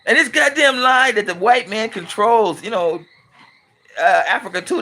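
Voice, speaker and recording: A man's voice: high voice, normal speed, bright, forceful tone. A middle-aged man from California, hosting his channel with a casual, blunt and emphatic opinionated monologue. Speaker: channel host and commentator.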